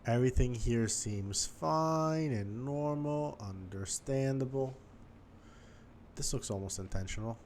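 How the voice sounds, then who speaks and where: A man's voice: medium pitch, takes it slowly, darkish tone, a little hiss or hum. A man giving casual gameplay commentary, chatty and thinking aloud as he explores, with faint game music behind him. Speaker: gaming YouTuber.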